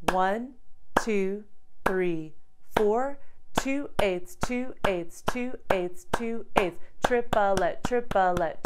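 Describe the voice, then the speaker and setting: Clear-voiced woman teaching piano rhythm. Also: a little high. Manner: clear, patient counting aloud. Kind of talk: online music lesson. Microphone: overhead camera setup.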